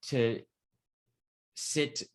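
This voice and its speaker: A young man and podcast co-host telling a rambling, profanity-laced story in casual chat, his retelling getting animated. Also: drawn-out words, slight background noise. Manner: rambling storytelling, heavy swearing, lively retelling.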